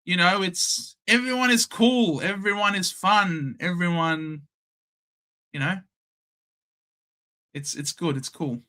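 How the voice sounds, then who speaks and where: Hosting a casual live sports watchalong, a young Australian man reads out scores and jokes cheekily with chat. His high-pitched voice sounds pushed and bright, and he takes things slowly with long pauses.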